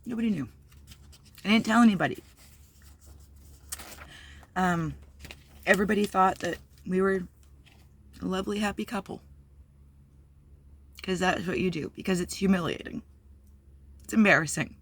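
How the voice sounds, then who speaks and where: A woman's voice: fairly low pitch, normal speed, pauses often. A woman candidly telling a personal story on her vlog, blunt and profane, with many fillers. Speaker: vlogger.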